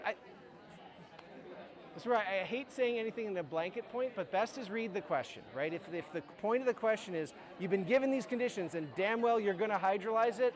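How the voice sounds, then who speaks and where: Male university chemistry lecturer, high-pitched, casual and jokey with students. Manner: informal, joking, frequent restarts and "right?". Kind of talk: classroom lecture. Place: lecture hall.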